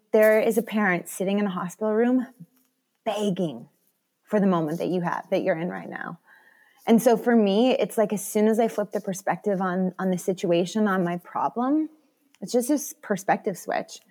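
A woman's voice: medium pitch, moderate pace. A woman talking as a podcast guest, telling candid stories and acting out the voices of the people in them. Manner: animated storyteller who acts out quoted voices. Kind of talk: candid conversational interview.

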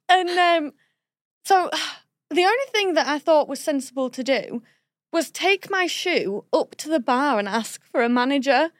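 A young woman from Nottingham telling a dating story in casual chat, animated and laughing often. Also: high voice, unhurried, no room sound, clean studio sound. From Nottingham, England.

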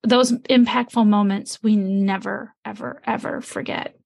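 Gravelly-voiced woman telling a teaching story. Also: medium pitch, measured pace. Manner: animated storyteller, acts out her own inner voice. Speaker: podcast co-host. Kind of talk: storytelling to a co-host.

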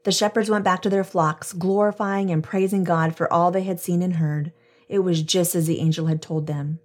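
A woman's voice: lowish voice, fairly even intonation, normal speed. A woman hosting a devotional podcast, reading scripture and reflecting earnestly, addressing listeners as friends.

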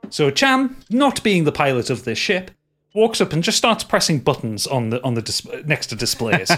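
Halting game master. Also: male voice, fairly high pitch, very animated, a bit bright. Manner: halting, full of restarts and fillers. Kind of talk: narrating a tabletop game.

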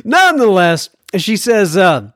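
A man's voice: sits high, big pitch swings, measured pace, fairly bright tone, no echo, studio quality. A man hosting a podcast, reading listener mail in a casual, jokey way and laughing at his own jokes. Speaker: podcast host.

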